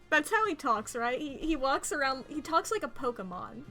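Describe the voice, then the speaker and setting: A woman's voice: high voice, very animated, moderate pace, hardly any pauses, music in the background. A woman streaming a puzzle game, chatting in a playful, rambling way and laughing often. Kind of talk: casual gameplay commentary.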